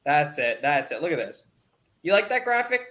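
A man hosting a sports podcast, joking with his co-hosts as he runs the show. His voice is bright and forward. He keeps things moving from one segment to the next. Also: fairly high pitch, big pitch swings, normal speed. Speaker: podcast host. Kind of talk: casual podcast chat.

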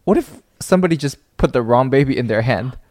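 A co-host chimes in with short questions and joking riffs during a casual chat. The voice sits at a middle pitch. It is recorded close and dry. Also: expressive, fast talker, darkish tone, dry recording. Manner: reactive, short interjections, playful riffs. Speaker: podcast co-host.

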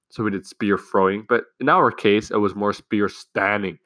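Low-voiced profane teen guy rambling. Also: steady tone, normal speed, hardly any pauses, pushed and bright, no echo. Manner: profane, rambling, full of restarts. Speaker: student telling a school story. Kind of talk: casual solo chat.

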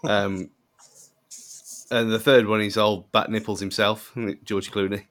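Relaxed guy, laughing through his points, lower pitch. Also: measured pace. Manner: laughs often, easygoing. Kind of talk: casual chat.

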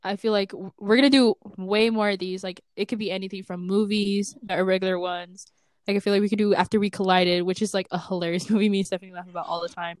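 A young woman co-hosting a podcast in casual chat, excitable and laughing often. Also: mid-range voice, fast talker, no echo. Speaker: podcast co-host.

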